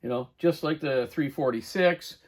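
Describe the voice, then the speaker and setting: A man's voice: on the high side, normal speed. Rambling middle-aged man in a workshop. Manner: rambling, talks while working, self-correcting. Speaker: chainsaw repair host. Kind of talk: casual workshop demonstration. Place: home workshop.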